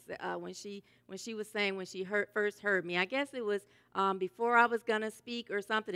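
A woman minister giving a sermon, loud and enthusiastic, laughing often. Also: medium pitch, smooth.

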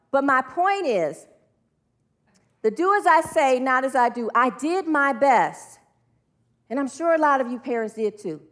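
A middle-aged woman minister with a high voice delivers a sermon. She is earnest and leads the congregation in call-and-response affirmations.

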